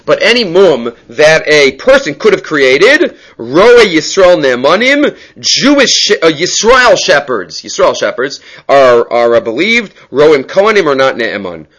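Male Talmud teacher, slightly high voice, chants the text and then explains it in quick, animated English. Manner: mixes Aramaic quotes with lively English explanation. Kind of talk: Talmud study lesson.

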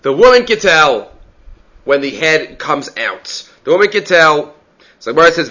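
Bright-voiced man teaching Talmud. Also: a little high, very animated, normal speed. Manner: explanatory, asks rhetorical "right?" often, mixes Aramaic terms. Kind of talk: Talmud lecture. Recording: dull lo-fi recording.

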